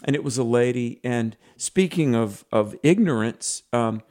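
A man's voice: mid-range voice, animated, unhurried, darkish tone. A man with a Southern US accent co-hosting a radio fundraiser, telling stories in an earnest, folksy way. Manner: earnest, folksy storytelling with restarts. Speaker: radio co-host.

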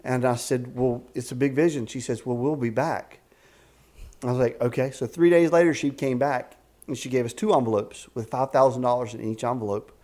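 A man in his fifties, executive director of a ministry camp, telling stories in an animated way in a casual interview. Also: mid-range voice, brisk. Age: 50s. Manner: animated storyteller with frequent restarts and faith talk. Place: a house at a rural camp.

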